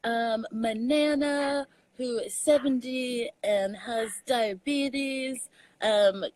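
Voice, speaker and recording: A young adult woman from Texas with a Southern accent, chatting casually as a comedian guest, animated and laughing often. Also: fairly high pitch, extremely slow, no echo, low-quality recording. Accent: Southern US, Texan. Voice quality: animated storyteller, laughs often, mixes in slang. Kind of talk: casual chat.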